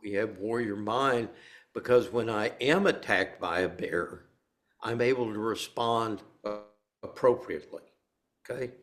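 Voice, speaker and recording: A man's voice: lowish voice, measured pace, a bit bright, soft background music. An older man leading a meditation group, giving a playful dharma talk with stories and laughing as he tells them. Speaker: meditation teacher.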